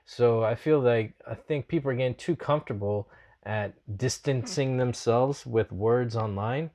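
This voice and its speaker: A man's voice: mid-range voice, a little slow, a little mellow. A man hosting a casual podcast chat, talking in an earnest, reflective way and laughing often. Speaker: podcast host.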